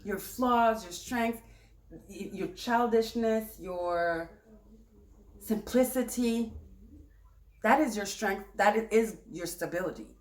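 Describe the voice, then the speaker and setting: A woman giving a tarot reading in a chatty, animated, self-correcting way. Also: mid-range voice, roomy sound. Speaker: tarot reader.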